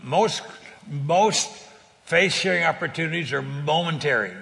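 A man's voice: on the high side, measured pace, vocal fry, pushed and bright, big-room sound. An older man from California telling faith stories in an earnest, conversational way, often repeating words and laughing easily. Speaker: guest speaker on faith sharing. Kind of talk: conversational testimony.

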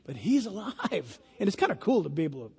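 A man's voice: high voice, big pitch swings, quick pace, warm tone. A man preaching a sermon, emphatic and full of stories. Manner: emphatic, storytelling. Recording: long hall reverb.

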